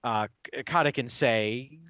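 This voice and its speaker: Male co-host, mid pitch, jokey and halting, dry dull remote mic. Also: a bit bright, clear, resonant tone, no echo. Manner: halting, jokey, many fillers. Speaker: podcast co-host. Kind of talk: casual chat.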